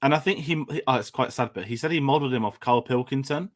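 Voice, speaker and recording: English male co-host, chatty and rambling, mid-pitched voice, casual film talk. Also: fast talker. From England. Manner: rambling, with frequent restarts and fillers.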